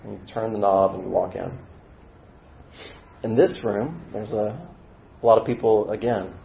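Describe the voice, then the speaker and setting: A man's voice: lowish voice, normal speed, gravelly. Man preacher telling a vivid sermon story; roomy and a little muffled. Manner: vivid, acts out scenes with dramatic swings in volume. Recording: roomy, slightly dull sound.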